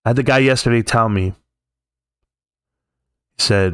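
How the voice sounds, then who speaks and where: Streamer type, Californian man, heated profane rant, mid-pitched voice, dry close sound. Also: moderate pace, a bit bright, smooth, no room sound. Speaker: livestream host. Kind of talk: casual ranting livestream.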